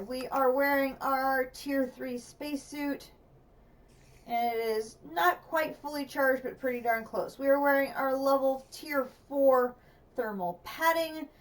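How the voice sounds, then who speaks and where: A woman's voice: high-pitched, a bit bright, far from the mic. Chatty woman streamer thinking aloud. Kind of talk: gameplay livestream commentary.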